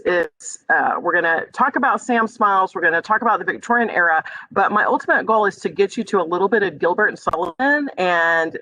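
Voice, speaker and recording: Bright, dry-voiced woman lecturing online. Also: on the low side, no echo, poor audio. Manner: conversational, many ums, addresses students as friends. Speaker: music history instructor. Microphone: video call.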